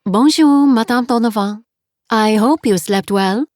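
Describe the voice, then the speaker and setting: A woman voicing a kindly, cheerful French guest house landlady with a French accent, fussing warmly over her guest. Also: a little high, measured pace, no echo, clean studio sound, voice pushed up, close to an everyday voice. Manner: warm, fussing, motherly.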